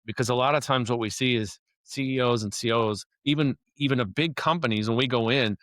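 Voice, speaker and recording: A construction operations consultant appears as a guest on a business podcast, explaining things in a casual, conversational interview. His medium-pitched, fairly bright voice moves a little fast, with frequent restarts and plenty of "you know," and there's no echo.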